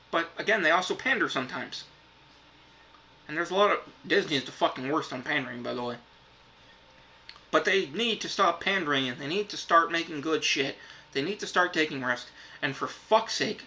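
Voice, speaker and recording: A man's voice: fairly high pitch, pushed and bright, rough recording. A man reviewing streaming services in a frustrated, profane rant, swearing constantly.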